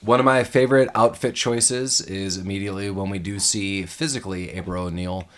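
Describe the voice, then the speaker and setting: A man's voice: sits low, fairly even intonation, fairly quick, a bit bright. A man co-hosting a podcast, chatting casually about an old movie, laughing often and slipping into mock voices. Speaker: podcast co-host.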